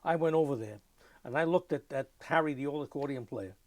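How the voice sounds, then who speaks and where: An older man, telling lively anecdotes in an oral history interview and mimicking sounds as he goes. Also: fairly high pitch, fairly quick. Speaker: interviewee, musician.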